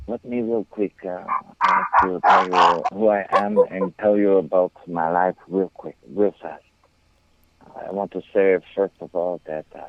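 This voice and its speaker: A man's voice: low voice, gravelly, no room sound, exaggerated voice. A man calling in by phone and putting on a silly, self-important character who talks in broken English and rambles crudely. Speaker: prank caller. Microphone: phone call-in. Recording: tinny phone line.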